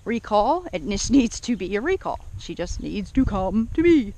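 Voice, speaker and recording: Woman calling her dog with lively praise. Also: normal speed, heavy background noise. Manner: high, excited praise calls to a dog; calm, low explaining asides with fillers. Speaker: dog trainer. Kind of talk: casual training vlog.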